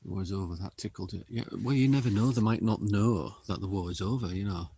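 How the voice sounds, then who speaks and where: Livestreaming a paranormal investigation in a windy cemetery, a middle-aged man with a lowish voice calls out slowly and quietly to spirits in casual live commentary.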